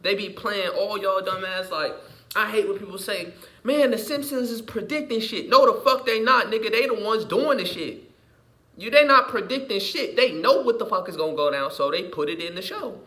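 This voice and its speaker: This high-pitched male vlogger talks at a normal speed through an off-the-cuff, profane tirade. He goes over the same points again and again, alternating between low muttering and yelling.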